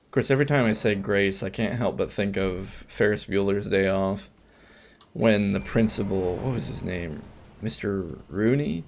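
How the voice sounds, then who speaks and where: A man talks his way through a video game, wandering into chatty asides and restarting his sentences. His voice sits low with a gravelly rasp. A faint hiss runs under the recording. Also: moderate pace. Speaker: let's play gamer. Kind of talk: casual gameplay commentary.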